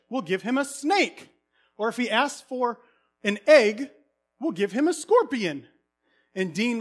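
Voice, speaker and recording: Man, thirties, lively pastor, high voice, acts out stories in a sermon. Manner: animated storytelling, acting out characters, bursts of loud calls.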